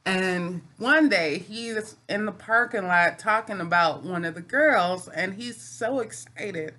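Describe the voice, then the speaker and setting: A woman's voice: medium pitch, takes it slowly, sharp tone. A woman vlogger telling a personal story in a casual chat from home. She rambles and halts, with many fillers and restarts.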